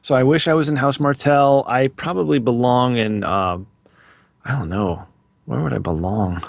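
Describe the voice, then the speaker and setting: A man in his thirties co-hosting a podcast, joking in a dry, teasing way. His voice sits at a middle pitch. The recording is dry and close to the mic. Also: normal speed, vocal fry, dry recording. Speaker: podcast co-host. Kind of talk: casual chat.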